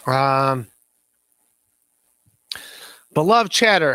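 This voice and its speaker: A man's voice: a little high, animated, takes it slowly, long pauses, bright, forceful tone, clean tone, no room sound. A man hosting a casual podcast livestream, rambling and self-deprecating as he reads chat messages, laughing often and stammering on repeated words. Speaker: podcast host.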